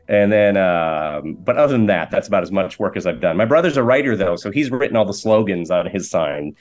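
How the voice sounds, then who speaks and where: Canadian guy in his 40s telling rambly self-deprecating jokes, lowish voice. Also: animated, a little fast, few pauses, soft background music. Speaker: guest, actor and comedian. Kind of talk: casual interview chat.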